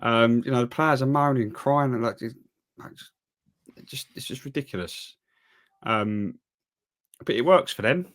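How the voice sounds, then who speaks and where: A man's voice: mid-range voice, measured pace, long pauses, a bit bright, dry recording, clean studio sound. A man co-hosting a football podcast, giving opinions in casual chat with many fillers and restarts. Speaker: podcast co-host.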